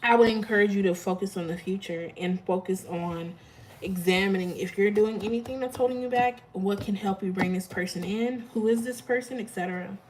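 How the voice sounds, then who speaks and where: A woman's voice: mid-range voice, fairly quick, a little mellow, a little hiss or hum, rough recording. A woman hosting a live tarot stream, chatting casually with her viewers and laughing often.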